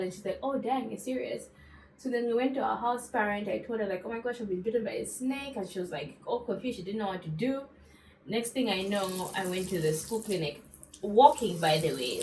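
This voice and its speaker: A young woman from Zambia telling a story in a casual, animated way while going through her skincare routine, with lots of asides to her viewers. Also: medium pitch, roomy sound, slight background noise, low-quality recording. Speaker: beauty vlogger.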